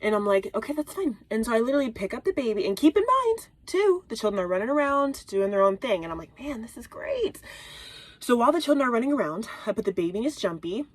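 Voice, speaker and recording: Recording from a small closet with no room sound, a thirty-something mom vlogger tells a story to camera at a fast clip with few pauses. Her fairly high voice is animated and exaggerated, and she drops into whispered asides now and then.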